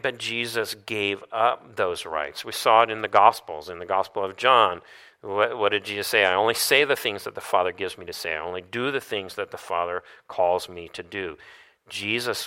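A man delivering a teaching sermon with a lowish, bright, forceful voice. He works through verses one by one and keeps asking his listeners rhetorical questions. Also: clean tone. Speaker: preacher.

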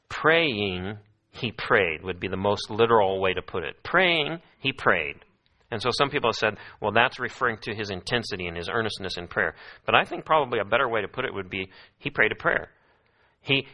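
A man preaching a sermon, telling a Bible story with animated, playful voiced quotes. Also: mid-range voice.

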